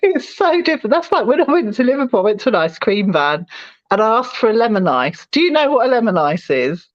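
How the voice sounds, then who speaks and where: A woman with a London accent chats animatedly, her pitch rising and falling widely as she tells stories and laughs often. Her voice sits a little high and sounds dry and slightly dull, as if over a lo-fi phone link. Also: sing-song, brisk, dry recording. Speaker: podcast co-host. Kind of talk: casual chat.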